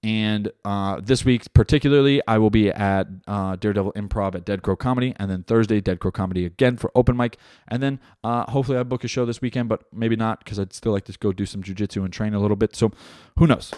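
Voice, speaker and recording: A man's voice: lowish voice, fast talker, hardly any pauses, no room sound, studio quality. A young man hosting his own podcast, chatting casually and rambling, with lots of swearing and filler words. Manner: profane, rambling, animated with many fillers. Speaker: podcast host; stand-up comedian. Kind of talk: casual solo podcast chat. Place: home room.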